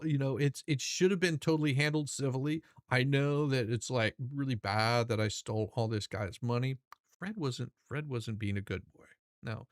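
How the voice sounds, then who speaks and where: A man's voice: lowish voice, dry recording, clean studio sound. A man hosting his channel, reading court documents aloud and mocking the people in them, rambling with many restarts and swearing. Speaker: channel host.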